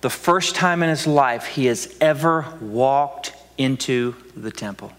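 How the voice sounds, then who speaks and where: A man's voice: medium pitch, slow, a bit bright, in a large hall. A man preaching a sermon with dramatic delivery, acting out voices and dropping to whispers for emphasis. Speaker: pastor.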